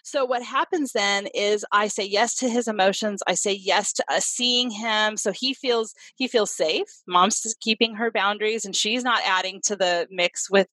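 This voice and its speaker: A woman's voice: mid-range voice, normal speed, few pauses, pushed and bright, no room sound, rough recording. A middle-aged woman, a clinician and parenting expert, talks earnestly in a podcast interview and acts out examples as she explains.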